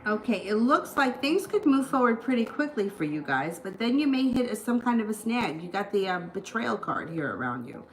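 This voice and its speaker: A woman's voice: medium pitch, big pitch swings, moderate pace, few pauses. A woman giving a casual live tarot reading, chatty and prone to rambling asides. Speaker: tarot reader. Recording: echoey room.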